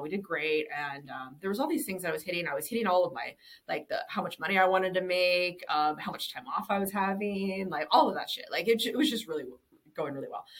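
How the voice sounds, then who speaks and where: A woman's voice: lowish voice, fairly bright tone. A woman in her thirties, a business owner interviewed on a podcast, talks candidly, swears freely and laughs often. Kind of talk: casual interview.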